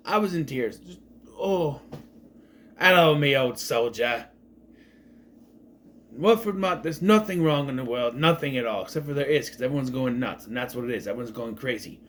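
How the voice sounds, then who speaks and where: A man's voice: fairly high pitch, fairly bright tone. A man giving a casual, enthusiastic spoken review of a TV show, rambling and often correcting himself.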